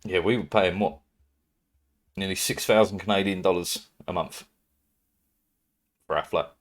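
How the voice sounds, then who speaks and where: Low-voiced british guy rambling on his stream, swears a lot, keeps laughing. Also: fairly even intonation, measured pace. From Britain. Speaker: livestreamer. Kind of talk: casual live-stream chat.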